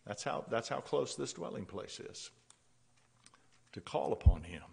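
A man preaching a sermon with a halting delivery, repeating words as he goes and laughing softly between points. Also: medium pitch, animated, creaky, breathy edge. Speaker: pastor. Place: church sanctuary. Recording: long church-hall reverb.

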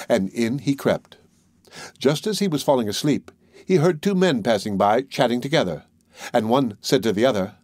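A man narrating a fairy tale audiobook in a measured, even storytelling manner. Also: mid-range voice, dry recording, clean studio sound.

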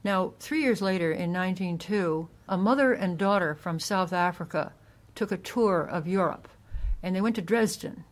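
A woman with a fairly low voice speaks as an author guest in a casual interview. She explains history at length, sometimes restarting her sentences as she goes. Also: moderate pace.

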